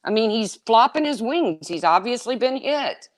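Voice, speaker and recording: A woman telling casual stories, swearing freely and swinging between loud exclaims and low asides. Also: expressive, moderate pace, no echo. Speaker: storyteller. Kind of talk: casual chat.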